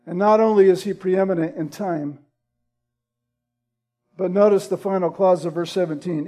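A man preaching a sermon, deliberate and emphatic, building in intensity on key points. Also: sits high, warm tone.

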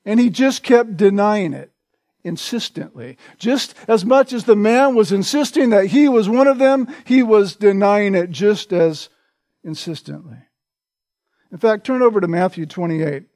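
A man preaching an expository sermon in a conversational way, often checking in with his listeners with a quick "right?". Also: high-pitched, a little mellow, no echo, clean studio sound. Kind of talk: sermon, expository Bible teaching.

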